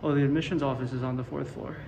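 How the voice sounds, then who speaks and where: A man's voice: mid-range voice, steady tone, quick pace, darkish tone, highs cut off. Young guy kinda out of breath, joking around a museum, lots of background noise. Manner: chatty, wry asides, exclamations. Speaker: vlogger. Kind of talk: casual vlog commentary while walking. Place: campus buildings and museum, indoors.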